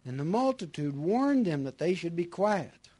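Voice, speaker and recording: High-voiced preacher with a dry sound. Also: male voice, very animated, moderate pace, no echo. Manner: emphatic, repeats phrases, swings between loud and hushed. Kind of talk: sermon.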